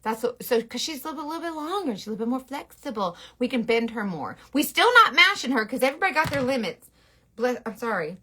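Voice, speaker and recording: A woman's voice: sits high, sing-song, fast talker, bright, forceful tone, breathy edge. A woman makeup artist talking through a casual makeup tutorial in a rambling, playful, sassy way. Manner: sassy slangy talk.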